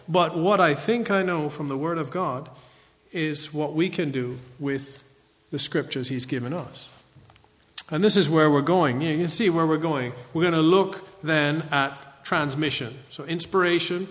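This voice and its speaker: A man's voice: fairly high pitch, fairly bright tone, big-room sound. A man giving a conversational Bible teaching lecture, often checking in with a rhetorical "right?".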